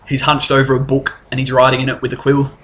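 A man's voice: mid-range voice, monotone, fast talker, a bit bright, slight background noise. A man narrating as game master in a tabletop game, rambling and restarting his sentences. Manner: rambling, restarts often, laughs easily.

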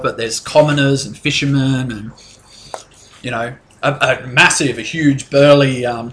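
Young guy narrating a tabletop game, mid-pitched, loose and rambly. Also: a bit bright, a little hiss or hum. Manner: rambling, casual, with fillers. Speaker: game master.

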